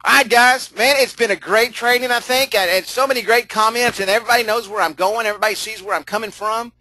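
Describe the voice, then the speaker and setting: A man's voice: sits high, steady tone, quick pace, bright, forceful tone, rough recording. A middle-aged man leading a live online training session, folksy and chatty, laughing often, repeating himself and answering chat comments as he goes.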